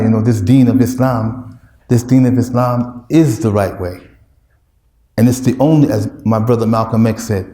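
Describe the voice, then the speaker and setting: A man's voice: mid-range voice, warm tone, roomy sound. A man with an American accent preaching a sermon, emphatic and repetitive, with street slang. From United States.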